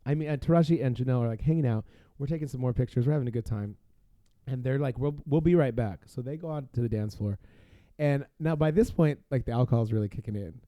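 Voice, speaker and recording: A man speaking at a medium pitch rattles off a wild party tale as a guest on a podcast, with no echo on the audio. He's casual and animated, laughs as he goes, and leans heavily on fillers.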